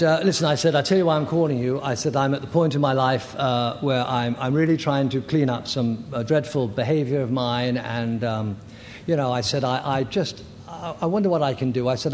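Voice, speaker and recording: An older man in his sixties giving personal testimony as a recovery meeting speaker, halting, candid and self-deprecating. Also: medium pitch, a little mellow. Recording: echoey hall with faint noise.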